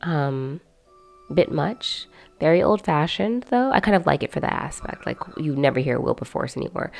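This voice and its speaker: A woman's voice: deep voice, animated, moderate pace, gravelly, darkish tone, faint music behind. A young woman hosting her own video, chatting casually to camera and rambling with lots of fillers and asides. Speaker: video host.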